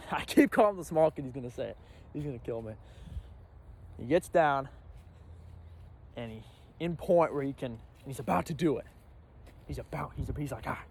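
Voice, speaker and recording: A young man telling a casual storytime vlog, animated and acting out his own panicked reactions. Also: mid-range voice, normal speed, creaky, pauses often, slight background noise. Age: young adult. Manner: animated, acts out his own reactions with sudden loud bursts. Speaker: storyteller vlogger.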